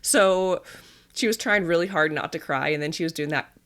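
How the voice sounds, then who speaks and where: A woman in her thirties, a dietitian and mother, hosting a podcast and retelling a family story in a chatty, animated way with little laughs. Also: fairly low pitch, moderate pace. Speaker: podcast host. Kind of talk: casual storytelling monologue.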